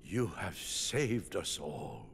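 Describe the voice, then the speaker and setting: An actor playing an aged, dignified emperor in a game cutscene, speaking in a measured, formal, ceremonious way. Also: male voice, sits low, big pitch swings, creaky, a bit bright, long reverb tail, slight background noise, exaggerated voice. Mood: stately.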